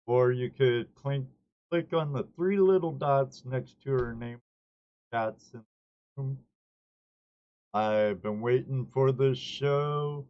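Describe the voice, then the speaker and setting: A man's voice: medium pitch, muffled recording. A man from the northern United States hosting a casual live video-call hangout, chatty and joking at his own expense. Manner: folksy, chatty, self-joking. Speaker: host. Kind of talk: casual live-stream chat.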